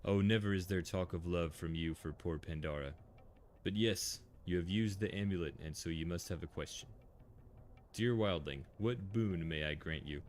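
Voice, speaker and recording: A man's voice: low voice, moderate pace, slight background noise, close to an everyday voice. A man reading out the lines of a flirtatious female dryad queen, gushing with theatrical endearments. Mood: doting. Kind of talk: reading game dialogue aloud.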